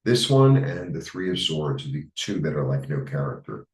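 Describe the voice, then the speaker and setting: Deep-voiced New York man, rambling. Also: very animated, reverberant, recorded from a distance, rough recording. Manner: rambling, halting, many fillers. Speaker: tarot reader. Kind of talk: casual spiritual monologue.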